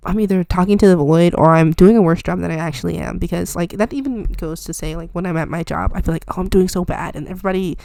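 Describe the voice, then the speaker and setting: A woman's voice: on the low side, fast, gravelly, few pauses, warm tone, dry recording. A young woman chatting casually while she draws, rambling and self-deprecating with lots of fillers. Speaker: art vlogger. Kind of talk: casual chat while drawing.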